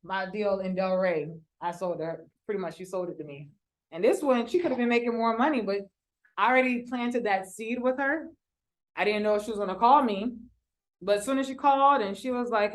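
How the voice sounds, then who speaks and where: A woman's voice: mid-range voice, a little fast. Chatty woman teaching a live workshop. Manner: casual, chatty, uses slang and acted-out quotes. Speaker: real estate wholesaling instructor. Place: room with a live audience.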